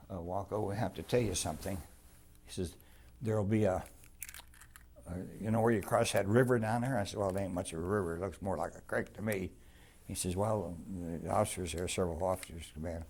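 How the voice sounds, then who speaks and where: Older man, deep husky folksy storyteller. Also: a little mellow. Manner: rambling, folksy storytelling with restarts and plain grammar. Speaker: veteran telling war memories. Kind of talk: oral history interview.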